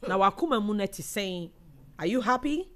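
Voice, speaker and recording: A young woman with a Ghanaian accent hosting a casual live show, reading out viewer comments in a chatty, animated way and laughing often. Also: mid-range voice, fairly quick.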